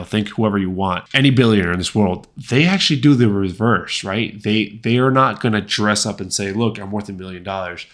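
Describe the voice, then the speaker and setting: Deep-voiced man casually reviewing a film. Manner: conversational, many fillers and repeated words; acts out quoted lines. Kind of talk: casual movie review vlog.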